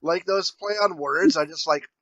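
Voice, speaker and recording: A man's voice: a little high, normal speed, a bit bright, muffled recording. A man co-hosting a podcast in casual chat, breaking in with teasing remarks. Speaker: podcast co-host.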